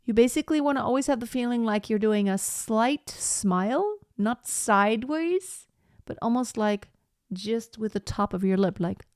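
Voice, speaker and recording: A woman teaching a live online singing lesson, explaining slowly and breaking off to sing short phrases as demonstrations. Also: fairly high pitch, animated, darkish tone, dry recording, clean studio sound.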